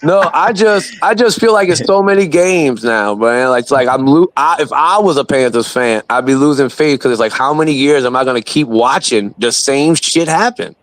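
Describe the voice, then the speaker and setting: A man's voice: mid-range voice, lively intonation, normal speed, few pauses. A man from New Orleans making his case in a casual sports debate, emphatic and repeating his points.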